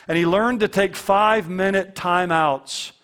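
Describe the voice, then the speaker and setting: A man's voice: high voice, measured pace, fairly bright tone. Earnest man preaching a sermon. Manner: earnest, repeats key phrases for emphasis. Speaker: pastor.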